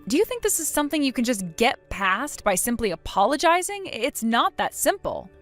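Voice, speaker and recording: A woman's voice: high-pitched, sing-song, normal speed, a bit bright, faint music behind. A woman voicing a stern, cold young woman who scolds and refuses to forgive in a scripted drama.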